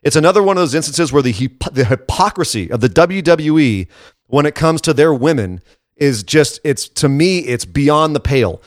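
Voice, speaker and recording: A man's voice: on the high side, normal speed, dry recording. Ranting man on a dry mic. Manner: animated, ranting, sarcastic. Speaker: podcast co-host. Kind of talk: casual wrestling commentary chat.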